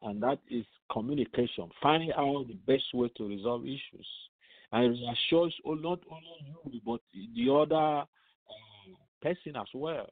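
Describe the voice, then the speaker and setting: A man's voice: mid-range voice, unhurried, no room sound. A man teaching the Bible on radio, reading scripture aloud and asking rhetorical questions that he answers himself, often repeating words as he goes. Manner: reads scripture aloud with commentary. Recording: tinny phone-line sound, dry.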